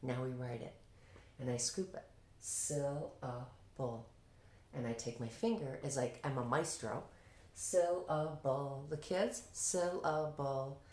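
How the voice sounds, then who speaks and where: Low-voiced woman teacher in an echoey room. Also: normal speed. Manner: animated, demonstrates prompts in a lively classroom voice. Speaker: reading teacher. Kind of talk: explaining a teaching method.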